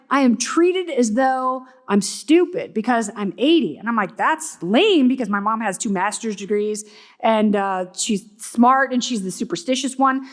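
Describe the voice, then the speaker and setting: Middle-aged lady doing a funny keynote on stage, high voice, cheeky asides. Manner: irreverent, joking, quick asides. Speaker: keynote speaker. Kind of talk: comedic conference talk. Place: conference stage before an audience.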